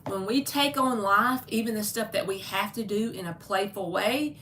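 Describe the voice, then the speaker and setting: A woman's voice: medium pitch, moderate pace, a bit bright, reverberant, slight background noise. A woman giving a chatty live-stream tarot reading, calling viewers "baby" and reading card meanings aloud from a book. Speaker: tarot reader.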